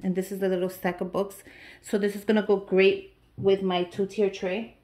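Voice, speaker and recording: A woman vlogger opening gift mail, chatting casually to viewers and gushing with excitement over each item. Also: mid-range voice, moderate pace. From United States. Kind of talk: casual unboxing chat to viewers.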